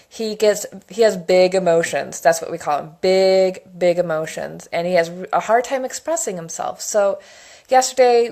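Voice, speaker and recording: A woman in her thirties giving a casual, enthusiastic monologue, rambling through personal stories as an essential oils educator. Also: mid-range voice. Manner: chatty and enthusiastic, rambling storytelling.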